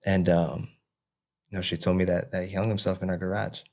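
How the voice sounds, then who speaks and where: Guest man, deep monotone, halting delivery full of "you know what I mean" asides. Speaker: interview guest. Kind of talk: personal recovery testimony.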